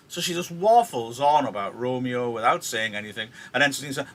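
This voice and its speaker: A male teacher with a Welsh accent explaining a play in an animated, chatty way during a live reading. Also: mid-range voice, normal speed, hardly any pauses.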